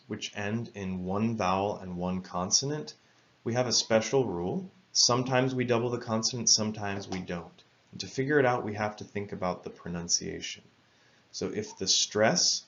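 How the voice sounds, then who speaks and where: A man teaching English spelling rules in a careful, measured lesson narration, spelling words out letter by letter. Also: fairly low pitch, a bit bright, lo-fi sound.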